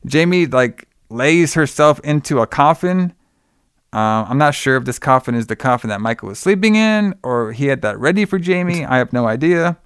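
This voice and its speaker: A man's voice: medium pitch, expressive, normal speed, fairly bright tone, smooth, dry recording, studio quality. A man casually retelling a film's plot with lots of fillers and swearing. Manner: loose, profane retelling with many fillers. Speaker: podcast co-host recapping a film. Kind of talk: casual chat.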